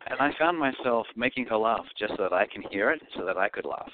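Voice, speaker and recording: Deep, lively Australian man, phone-line sound. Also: fast, noisy background. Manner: animated, acts out voices in his anecdotes. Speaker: comedian guest. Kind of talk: storytelling interview.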